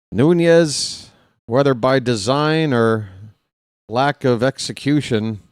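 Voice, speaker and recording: A man with a clean-toned, mid-range voice does partisan play-by-play of a baseball game, talking with viewers and getting worked up on the big plays. His voice is starting to tire. The sound is studio quality with no room sound.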